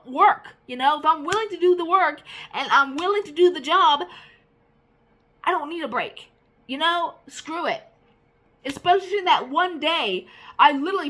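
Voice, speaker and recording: A tired woman with a drawl vents in a casual rant, her voice high and bright. She rambles and trails off softly, then turns heated and swears freely. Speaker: vlogger.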